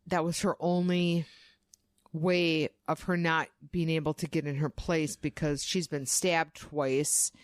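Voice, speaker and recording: Low pitched young woman on a podcast, swears a lot, acts out the quotes, dry sound. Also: dry recording. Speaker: podcast co-host. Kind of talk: casual true crime storytelling.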